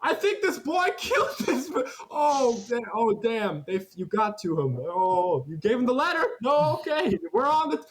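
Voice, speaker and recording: A man voicing a frantic, wailing male optometrist who shrieks and sobs in high pitch. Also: big pitch swings, moderate pace, hardly any pauses, slight background noise. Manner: shrieking, sobbing, overwrought.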